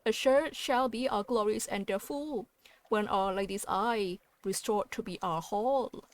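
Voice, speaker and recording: A woman's voice: mid-range voice, unhurried, natural voice. A woman voicing a regal female guinea pig seneschal, speaking in a lofty, theatrical way with a put-on fancy accent. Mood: grandiose. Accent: put-on weird fancy accent.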